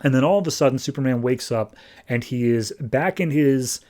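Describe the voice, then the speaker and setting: A man hosting a podcast, recapping a comic book in a loose, casual way and dropping into quick quoted voices. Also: mid-range voice, darkish tone. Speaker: podcast host.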